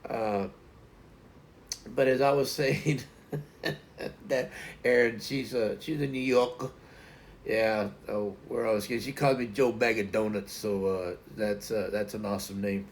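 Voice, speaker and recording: Speaking at a measured pace with frequent pauses, this middle-aged livestream host chats casually to his viewers. His lowish voice keeps a fairly even intonation, and he rambles, repeating words and using lots of fillers.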